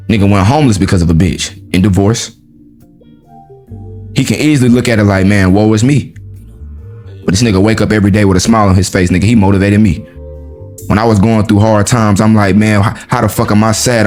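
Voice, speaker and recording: A man hosting a podcast, giving a blunt motivational monologue in profane street slang, jumping from high exclaims to low, heavy emphasis. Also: darkish tone. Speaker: podcast host.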